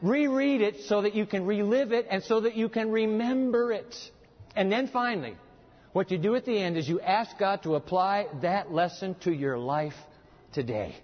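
A man preaching a sermon with a live demonstration, folksy and animated, joking with the audience in a church hall. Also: high voice, normal speed. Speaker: pastor. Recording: dull, long-reverb hall sound.

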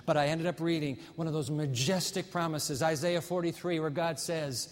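A man preaches in a somewhat high voice, and his words ring out with a long hall reverb. He tells his story dramatically and slows right down on the moments that matter. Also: fairly even intonation. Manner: dramatic storytelling, slowing down for emphasis. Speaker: pastor. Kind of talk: sermon.

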